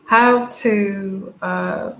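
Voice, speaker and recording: A woman giving a tarot reading to camera, tearful and crying, talking haltingly with many fillers and restarts. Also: mid-range voice, steady tone, gravelly, a bit bright. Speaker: tarot reader. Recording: echoey room, faint background noise.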